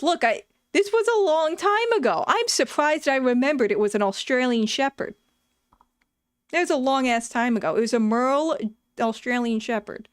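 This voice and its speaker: A woman with a fairly high voice tells blunt, profane work stories in a relaxed chatty way. The sound is dry and close, with no room around it. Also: normal speed, clear, resonant tone, dry recording. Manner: frank, profane, animated storytelling. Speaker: streamer reading chat, former vet clinic worker. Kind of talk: casual storytelling chat.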